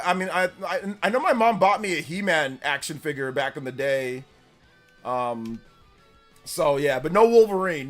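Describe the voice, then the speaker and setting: Rambling streamer guy, higher voice. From Central California. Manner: rambling, filler-heavy, repeats himself; loud, laughing retelling of stories. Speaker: live streamer. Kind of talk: casual live-stream chat, reading donations.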